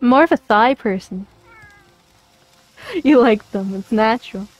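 A woman's voice: on the high side, a little slow, a little mellow, no echo, muffled recording, soft background music. Playful, giggly woman streamer. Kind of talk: casual game-stream chat.

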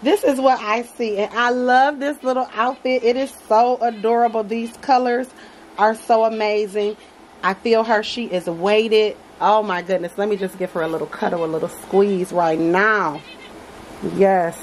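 Woman vlogger talking to viewers in her home nursery, warmly gushing; mid-range voice, faint hum behind. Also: mid-range voice, fairly even intonation, unhurried, low-quality recording. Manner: gushing, affectionate, addresses viewers as y'all. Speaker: reborn doll collector vlogger. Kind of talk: casual unboxing chat.

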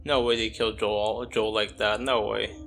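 An exasperated man commenting as he plays a video game, repeating himself in outbursts. Loud game music plays under his voice. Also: lowish voice, little pitch movement, normal speed, creaky. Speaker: gaming channel host. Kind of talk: let's play reaction commentary. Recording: game music playing loudly behind the voice.

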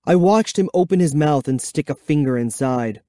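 A man reading a children's horror book aloud, giving expressive, measured first-person storytelling. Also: on the high side, no room sound, studio quality. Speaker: audiobook reader. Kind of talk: dramatic audiobook narration.

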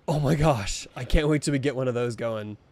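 A man's voice: medium pitch, a little fast, a little mellow, dry recording. A young man streaming a video game live, chatting with viewers and reading game text aloud as he plays. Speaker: gaming streamer. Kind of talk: live let's play commentary.

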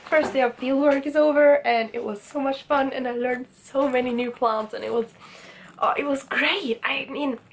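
A woman's voice: high voice, steady tone, normal speed. A young woman in her twenties chatting enthusiastically to a handheld camera outdoors, laughing often. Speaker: student vlogger. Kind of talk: casual vlog chat. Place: outdoors in the countryside.

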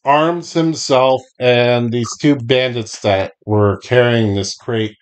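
A man narrating a tabletop game as its game master. He talks slowly, at a medium pitch, and builds each scene piece by piece with pauses to check his notes.

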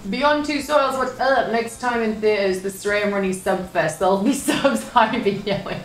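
A woman's voice: medium pitch, moderate pace, reverberant, soft background music. A young woman streaming live, reading her chat aloud with swearing and lots of laughter. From United Kingdom.

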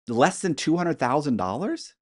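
A middle-aged man telling animated stories as a podcast guest, acting out quoted voices with some swearing. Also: a little high, moderate pace. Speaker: interview guest. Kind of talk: storytelling in a podcast interview.

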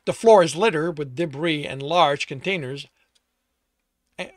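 A man's voice: on the high side, measured pace, dry recording, clean studio sound. A man reading his own novel aloud in first person, stopping to correct and reread his slips. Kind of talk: first-person audiobook narration.

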